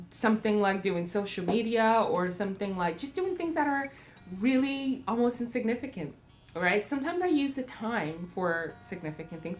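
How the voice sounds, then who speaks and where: A woman in her thirties talks in a casual, reflective way about parenting. She is animated and laughs easily, with a middle pitch. Soft acoustic music plays faintly behind her. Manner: animated, laughing often, acting out voices. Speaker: parenting vlogger.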